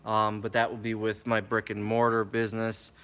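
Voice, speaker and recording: A man with a lowish voice and normal pace handles viewer questions on a live stream, reading each aloud before answering in a relaxed, conversational way.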